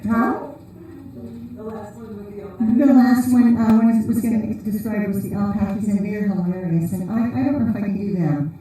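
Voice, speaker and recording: A woman's voice: medium pitch, steady tone, moderate pace, warm tone. A woman giving an informal conference sermon in a large church hall, telling rambling, humorous stories. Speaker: conference speaker. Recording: very echoey hall, voice from a distance.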